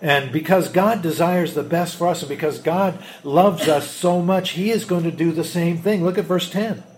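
Earnest preacher man, fairly high voice. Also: normal speed, a little mellow, slight background noise. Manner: earnest preaching with rhetorical questions. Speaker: pastor. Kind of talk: sermon.

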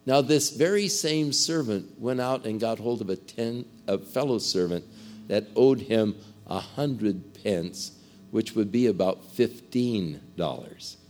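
A man preaching a sermon, emphatic and dramatic, swinging between loud bursts and hushed asides. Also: lowish voice, slow pace.

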